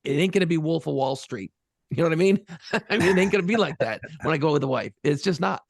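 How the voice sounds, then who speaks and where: A man talking in quick, casual podcast banter, his slightly high voice gravelly with fry. He swears freely and drops laughing asides. The mic is close and the room is dry. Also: expressive, no echo. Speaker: podcast co-host. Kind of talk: casual chat.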